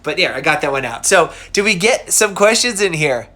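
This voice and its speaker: A man's voice: a little high, animated, normal speed, pushed and bright. A middle-aged man casually and goofily retelling a myth as host of a show. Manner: chatty, goofy, lots of fillers. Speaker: cartoonist hosting a myth show. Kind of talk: casual storytelling.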